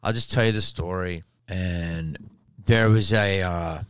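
A tired man, a podcast host and stand-up comic, ranting and telling a story in a profane, animated way with sudden loud outbursts. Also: low-pitched, takes it slowly, clear, resonant tone, no echo. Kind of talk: casual ranting monologue.

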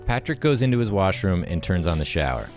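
Low-voiced man reading scene directions. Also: big pitch swings, fast, darkish tone, soft background music. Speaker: host.

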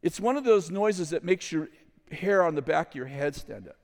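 A middle-aged man telling a story to an audience in a lively way, with loud bursts, acted quotes and chuckling asides. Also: fairly high pitch, moderate pace. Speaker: ministry leader telling a story. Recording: long hall reverb.

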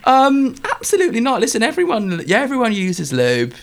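A young man co-hosting a casual podcast, reading out listener dilemmas with loud laughs and dramatic shrieks. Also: very high voice, wildly swooping pitch, fairly quick. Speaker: podcast co-host.

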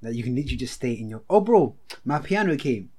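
A man's voice: medium pitch, very animated, darkish tone, slightly rough. A young man, co-hosting a podcast in casual, teasing chat over a video call. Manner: teasing, quick, breaks into laughter. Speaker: podcast co-host.

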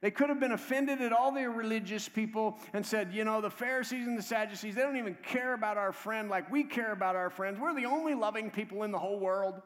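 Male pastor, high voice, preaching in a hall with long reverb, hushed lows to loud exhortation, keeps calling out to the room. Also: fast, hardly any pauses. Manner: swings between hushed low stretches and loud, raised exhortation; conversational, calls out "come on" to the congregation. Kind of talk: sermon. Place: church sanctuary.

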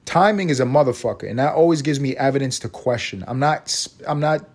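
A man's voice: medium pitch, fairly quick, darkish tone. A man hosting his own podcast, ranting in a profane, sarcastic and rambling way. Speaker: podcast host. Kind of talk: casual rant.

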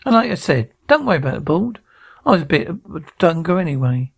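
A man's voice: a little high, big pitch swings, fast talker, gravelly, slightly rough, full character voice. An actor playing an easygoing male builder with a laid-back, rambling, cheeky way of talking. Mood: breezy. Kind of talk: TV drama acting.

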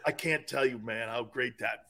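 Co-hosting a sports talk show, a man spins animated stories and sprinkles "man" and "dude" throughout. His voice sits in the mid range, and he keeps a moderate pace.

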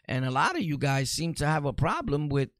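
A man's voice: fairly high pitch, very animated, fairly quick, fairly bright tone, dry recording. A man hosting his own podcast, talking bluntly and rambling in a casual, streetwise way as he answers viewer comments. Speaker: podcast host.

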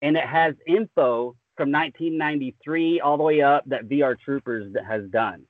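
A man's voice: fairly high pitch, moderate pace, no room sound. A man with a Southern twang, a podcast guest talking casually in a rambling, easygoing way, tossing in "man" often. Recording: tinny phone-like remote line.

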